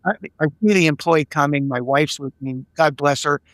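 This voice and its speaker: Animated storytelling man, dry close sound. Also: a little high, moderate pace, no echo. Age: older. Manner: animated storyteller who acts out dialogue and repeats words. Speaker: executive coach and podcast guest. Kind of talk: conversational interview storytelling.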